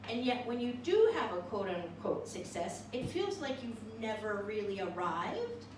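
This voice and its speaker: A woman's voice: medium pitch, very animated, normal speed, background noise. A woman doing a cabaret show, chatting to a small live audience between songs with wry, self-mocking humor. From California. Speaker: cabaret comedian. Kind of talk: cabaret show, singing and stand-up. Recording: distant echoey live room with music.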